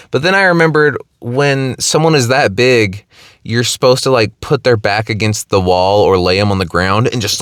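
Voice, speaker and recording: A young man spins a rambling comedic tale at a middle pitch, breaking into laughter and restarting his sentences. He leans on "like" constantly and jumps between thoughts. The sound is close and dry. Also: smooth, dry recording. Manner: rambling, animated, laughing through his own story; heavy use of "like", frequent restarts. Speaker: streamer. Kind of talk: comedic storytelling monologue.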